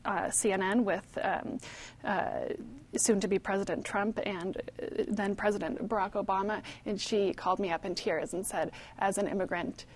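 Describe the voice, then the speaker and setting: A woman's voice: mid-range voice, fairly even intonation, moderate pace. Woman journalist on a political panel, chatty, lots of ums and restarts. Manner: conversational, frequent fillers and restarts.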